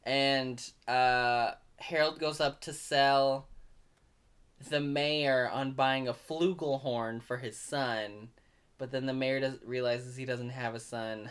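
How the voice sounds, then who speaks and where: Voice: mid-range voice, steady tone, smooth. A young adult podcast co-host casually recapping a movie plot in a chatty, joking way. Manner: chatty, joking, slow, loose retelling.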